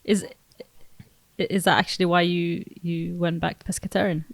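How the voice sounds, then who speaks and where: A woman's voice: lowish voice, little pitch movement, moderate pace, vocal fry, no echo. A young woman, co-hosting a podcast in casual chat, teasing her friend and exclaiming often. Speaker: podcast co-host.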